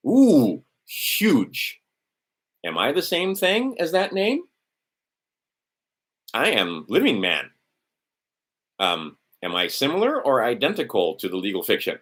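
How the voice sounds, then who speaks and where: A man's voice: medium pitch, huge pitch swings, a little slow, pauses often, a bit bright, breathy edge. A middle-aged man talking casually while scrolling through a document on screen, rambling with sardonic, profane asides. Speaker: host of a legal maxims stream. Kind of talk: casual screen-share talk.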